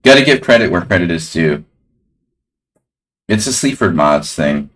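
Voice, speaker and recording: Male chess streamer, very low voice, loose rambling live commentary to chat. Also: big pitch swings, moderate pace, fairly bright tone. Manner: casual, rambling, talks to chat.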